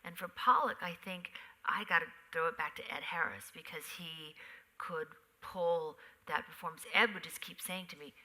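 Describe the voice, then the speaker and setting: A middle-aged woman, a memoir author on a theater stage, telling animated stories in a live conversation and acting out sounds. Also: fairly low pitch, normal speed, low-quality recording. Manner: animated storyteller who acts out sounds.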